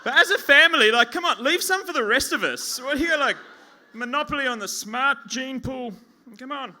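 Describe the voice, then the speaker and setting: An Australian man performing stand-up on a pub stage, speaking into a mic at a lectern. His voice sits very high for a man and sounds sharp and bright. He rambles in a self-mocking way and trips over his own restarts. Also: lively intonation, moderate pace. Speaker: stand-up comedian. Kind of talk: stand-up comedy set.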